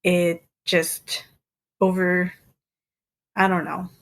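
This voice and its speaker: A woman's voice: fairly low pitch, flat delivery, very slow, fairly bright tone. A woman in her thirties co-hosting a podcast, chatting casually and laughing often as she recounts things. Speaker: podcast co-host. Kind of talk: casual chat.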